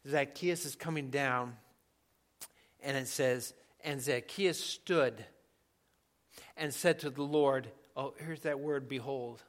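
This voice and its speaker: A man preaching a sermon in a conversational, emphatic way, dropping to soft asides now and then. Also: mid-range voice, fairly even intonation, measured pace. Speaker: pastor.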